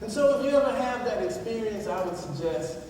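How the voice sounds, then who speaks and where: High-voiced minister in an echoing hall. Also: male voice, expressive, brisk. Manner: storytelling, drops low and soft for emphasis. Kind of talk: sermon. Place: large church hall. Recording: distant echoey hall with noise.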